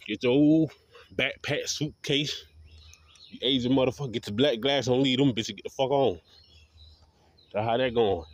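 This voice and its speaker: A man's voice: medium pitch, moderate pace, long pauses, lo-fi sound. Profane, defiant man ranting to camera. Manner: combative, defiant, heavy swearing. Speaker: vlogger.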